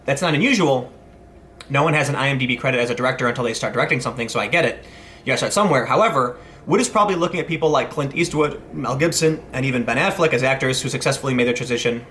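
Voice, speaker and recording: A man's voice: medium pitch, pushed and bright, a little hiss or hum. A man in his thirties hosting a casual commentary vlog, rambling with many restarts and asides. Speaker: commentary host.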